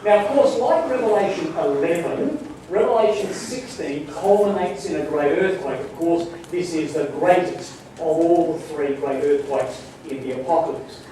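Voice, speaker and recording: A fairly high-voiced man leads a Bible study for his congregation. He speaks with mellow emphasis and pushes key lines up for effect. He is heard from a distance in a very echoey hall, with a faint hiss behind him. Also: normal speed, hardly any pauses. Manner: emphatic, rising to punch key points.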